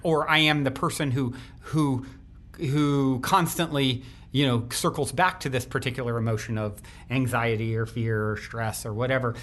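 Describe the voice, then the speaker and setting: A man's voice: medium pitch, fairly even intonation, moderate pace, a bit bright. A man hosting a podcast, talking loosely in a rambling way with many restarts. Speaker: podcast host. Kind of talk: conversational podcast interview.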